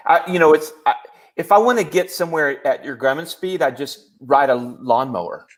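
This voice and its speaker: A man's voice: fairly high pitch, normal speed. A man on a video call, chatting casually, teasing the host and rambling with fillers. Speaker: guest YouTuber. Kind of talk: casual chat.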